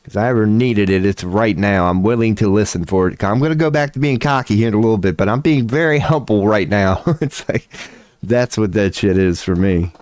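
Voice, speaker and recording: A man's voice: lowish voice, fairly quick, a little mellow, no room sound. A man, rambling casually on a stream at home, profane and self-mocking. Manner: profane, laid-back, self-mocking with frequent laughs.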